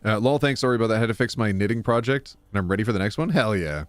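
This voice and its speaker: A man live-streaming, reading online posts aloud and chatting with his viewers, reacting to chat with sudden loud jumps. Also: lowish voice, lively intonation, rapid-fire, no room sound, faint music behind.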